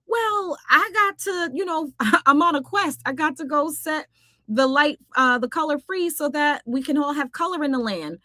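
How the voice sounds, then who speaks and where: Woman putting on a high-voiced plucky heroine girl. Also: expressive, moderate pace, no room sound, clean studio sound. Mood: breezy. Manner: casual, chatty, high and bright. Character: plucky young heroine girl, breezy and game.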